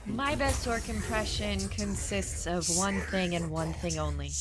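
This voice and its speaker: A woman's voice: mid-range voice, a little slow. A woman with a Californian accent, chatting casually on her gaming stream and laughing often. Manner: laughs often, drawn out speech. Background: music.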